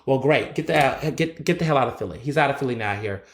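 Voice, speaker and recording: A man's voice: mid-range voice, lively intonation, quick pace, roomy sound, slight background noise. A man hosting his own solo podcast, ranting bluntly and with plenty of profanity. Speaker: podcast host. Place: recording in Philadelphia.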